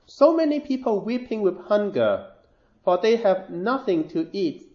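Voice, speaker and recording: A man's voice: high voice, sing-song, unhurried, darkish tone, voice pushed up. A man voicing an earnest, devout little peasant girl in a storytelling sermon, speaking with a pleading tone. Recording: roomy, dull sound.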